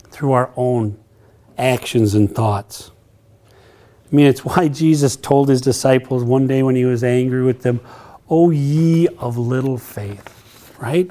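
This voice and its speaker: A man preaching a sermon, animated and playful, acting out quotes with humor. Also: mid-range voice. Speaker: pastor.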